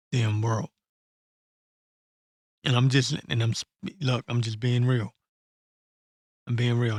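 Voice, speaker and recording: A man ranting bluntly and profanely in an unscripted commentary, stopping to read verses slowly and correct himself. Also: medium pitch, no echo, clean studio sound. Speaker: online commentator. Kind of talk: blunt unscripted rant with scripture reading.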